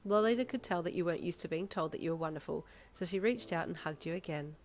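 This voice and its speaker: A woman reading a fanfiction story aloud in second person, with calm, even storytelling. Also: low voice, fast, hardly any pauses. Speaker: fanfiction reader.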